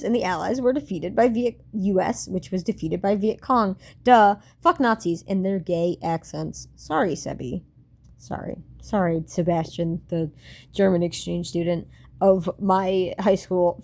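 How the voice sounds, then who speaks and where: A woman's voice: medium pitch, creaky, a little mellow. A woman in her late twenties reading her old diary aloud and commenting on it in a wry, self-mocking way, swearing and laughing often.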